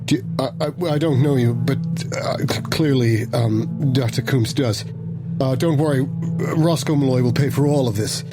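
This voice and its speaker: A man role-playing in a tabletop game, talking fast and flustered, repeating himself. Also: mid-range voice, over loud music. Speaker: player. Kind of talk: in-character tabletop role-play.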